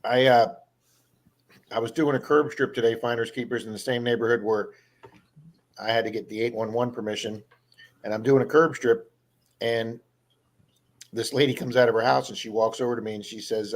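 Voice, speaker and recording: Talking fast in a mid-range voice with fairly even intonation, a live stream host who does metal detecting tells drawn-out stories. He rambles casually and mimics the people he met along the way.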